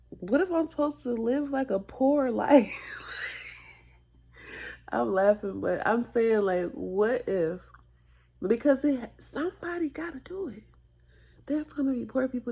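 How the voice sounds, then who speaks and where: A tearful woman vlogging a personal confession, halting and reflective, with sighs and whispered asides. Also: medium pitch, mellow, slightly rough. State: tearful, close to crying.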